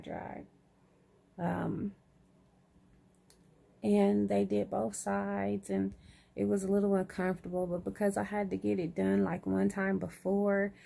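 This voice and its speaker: A woman's voice: mid-range voice, gravelly, dark tone, husky. A woman chatting casually to camera, groggy after surgery, sprinkling "y'all" through her talk. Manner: chatty, says "y'all" often. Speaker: vlogger.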